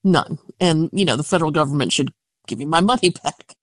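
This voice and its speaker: A woman's voice: low voice, animated, a little fast, no echo. A woman speaking in a casual interview clip, blunt, wry and emphatic.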